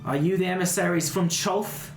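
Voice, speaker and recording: A man's voice: high-pitched, steady tone, moderate pace, vocal fry, pitched above the performer's own voice. A man voicing a stern female draconian squad captain, curt and commanding. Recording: echoey room with music.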